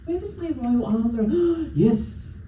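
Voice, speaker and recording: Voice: high voice, lively intonation, takes it slowly. A live comedy game show host with a playful, theatrical manner who teases the audience, speaking in front of a crowd at a large convention hall. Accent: non-local. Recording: echoey hall, distant mic, loud background noise.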